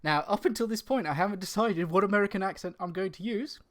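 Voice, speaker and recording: A man's voice: sits high, fast, fairly bright tone. A man hosting a live-streamed games podcast, chatting casually with a giggly, self-deprecating manner. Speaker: podcast host.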